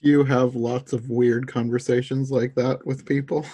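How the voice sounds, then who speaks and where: A man's voice: mid-range voice, flat delivery, moderate pace, warm tone, husky, dry recording. A man hosting a podcast, chatting casually with short remarks and easy laughter. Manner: laid-back, short remarks, laughs easily. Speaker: podcast host. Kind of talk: casual chat.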